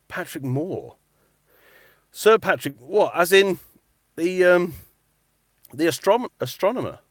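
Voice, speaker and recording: A man's voice sits high and moves slowly, with long pauses, recorded cleanly at studio quality with no room sound. He's a metal-detecting vlogger and voice artist chatting casually on a live stream, reading comments aloud in a cupboard he uses as a recording booth. His manner is chatty and animated, and he repeats himself.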